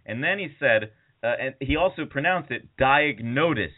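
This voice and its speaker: A man's voice: medium pitch, a little fast. A man hosting a podcast, telling rambling anecdotes in casual chat. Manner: rambling, animated storytelling with quoted voices. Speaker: podcast host. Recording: tinny phone-like sound.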